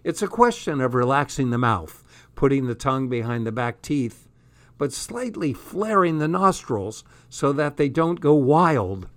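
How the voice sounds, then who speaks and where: A man's voice: mid-range voice, expressive, unhurried, a bit bright. A man reading a comic first-person diary aloud with dry, sardonic delivery. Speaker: audiobook reader.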